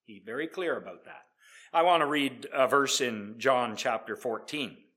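A man preaching an evangelistic sermon, emphatic, swinging from loud declarations to hushed tones and often repeating himself. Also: medium pitch, animated, moderate pace. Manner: repeats words, restarts often.

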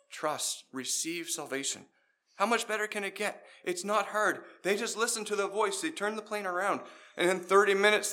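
A middle-aged man preaching an evangelistic sermon, telling a story and then urging his listeners, swinging between loud pleading and quiet emphasis. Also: on the high side.

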